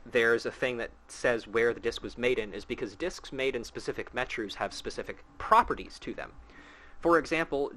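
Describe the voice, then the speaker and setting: Hosting a casual let's-play, a man reads game dialogue and comments with sarcasm, swearing freely. His mid-range voice is bright and forceful.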